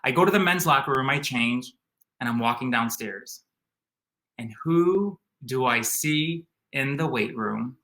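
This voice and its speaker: A young man from the area, eagerly telling a personal story in an animated way, full of "like" and "um". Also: medium pitch. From Chicago area. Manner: animated, excitable, uses lots of "like" and "um". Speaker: storyteller guest.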